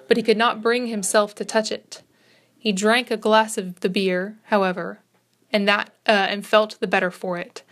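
A woman narrating a classic story as an audiobook. Her voice sits a bit high, and the reading is steady and even, with occasional slips corrected on the spot. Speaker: reader.

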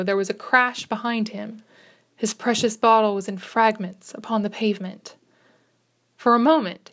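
A woman narrating a classic short story as an audiobook reader, in a measured, expressive reading. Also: mid-range voice.

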